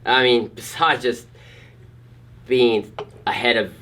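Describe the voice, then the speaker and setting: A man's voice: medium pitch, slow pace. A man from Pennsylvania, a former skateboarder, telling casual stories as a guest in a skate shop and acting out the people in them. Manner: animated, acts out voices in his stories. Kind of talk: casual storytelling.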